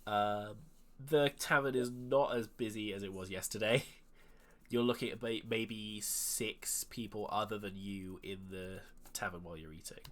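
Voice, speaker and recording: A man running a tabletop game as dungeon master, narrating in a relaxed way with many fillers and restarts. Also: on the low side.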